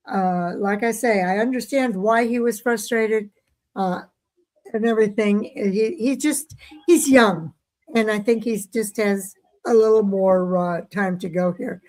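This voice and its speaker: A woman's voice: medium pitch, steady tone, slow pace, darkish tone. A woman co-hosting a casual racing talk show, chatting with filler words and reading out listener comments. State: hiccups. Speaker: co-host.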